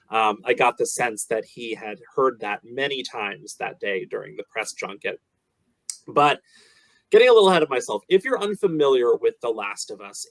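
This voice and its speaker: A man's voice: mid-range voice, a bit bright, dry recording, poor audio. Dry-sounding male entertainment host. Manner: chatty, with frequent fillers. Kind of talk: entertainment interview and show narration.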